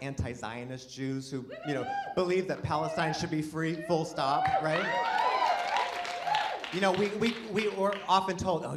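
Before a laughing crowd in a live room, a comedian with a voice on the high side rambles through self-mocking material, stopping and restarting often. Heavy background noise runs under the recording.

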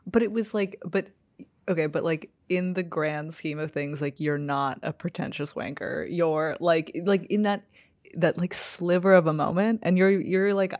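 A woman's voice: on the low side, steady tone, moderate pace, darkish tone, no room sound. A woman co-hosting a casual talk show, chatting with lots of "like" fillers. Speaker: podcast co-host. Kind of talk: casual chat.

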